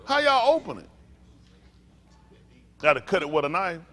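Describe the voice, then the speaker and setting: A pastor joking and teasing his congregation in a playful, animated sermon, laughing often. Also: sits high, normal speed.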